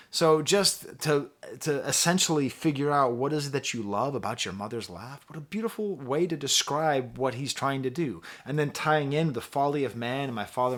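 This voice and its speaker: A man talks straight to camera about an album he loves, impassioned and emphatic. He laughs easily and drops in teacherly asides. His voice sits at an ordinary middle pitch for a man. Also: fairly bright tone. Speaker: music reviewer hosting his own channel. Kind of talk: casual record review monologue.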